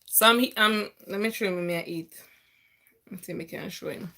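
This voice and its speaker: A woman's voice: medium pitch, normal speed, bright, forceful tone. A woman tutoring math on a casual live stream from her phone, chatty and laughing often, sometimes talking while eating.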